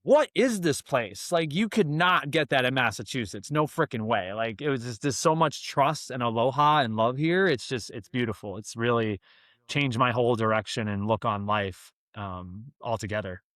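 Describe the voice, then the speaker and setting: A young man telling a long story, easygoing and animated, and he drops "man" and "dude" everywhere. His voice sits mid-range, and the room sound is dry and close. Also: mid-range voice, normal speed, dry recording. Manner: animated, slangy, says "man" and "dude" a lot. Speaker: guest. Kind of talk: casual storytelling.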